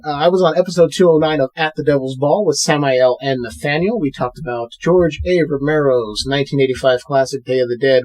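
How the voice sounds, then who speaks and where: Guy hosting a podcast, kinda high voice, quick chatty plugs. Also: a little mellow. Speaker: podcast host. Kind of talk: casual podcast chat.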